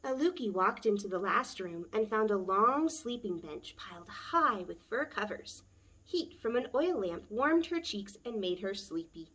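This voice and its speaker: Give me a woman librarian reading a picture book slowly for story time. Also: mid-range voice, animated, a bit bright, breathy edge. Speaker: children's librarian. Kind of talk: story time read-aloud.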